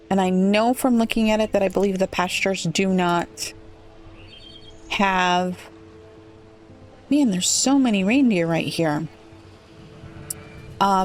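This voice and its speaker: A woman playing a city-builder game, thinking aloud and puzzling over it, her voice a little rough today. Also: medium pitch, a little mellow. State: slightly rough voice. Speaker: let's play gamer. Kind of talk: relaxed gameplay commentary.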